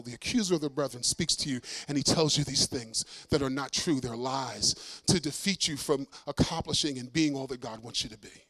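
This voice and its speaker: A middle-aged man giving a sermon testimony as a preacher and singer, telling a story in a lively way, acting out dialogue with self-mocking humor. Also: medium pitch, no echo, clean studio sound.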